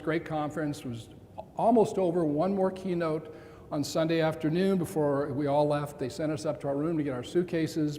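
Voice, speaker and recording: A man in his sixties giving a keynote talk, telling a personal story with dramatic pauses and quoted lines. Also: on the high side, a little mellow. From Montana. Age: 60s. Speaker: keynote speaker. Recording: long reverb in a large hall, faint room noise.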